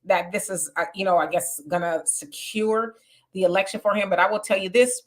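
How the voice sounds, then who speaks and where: A woman's voice: mid-range voice, fairly quick. A woman hosting a casual live stream, chatting with viewers and reading their comments aloud. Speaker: livestream host reading chat comments.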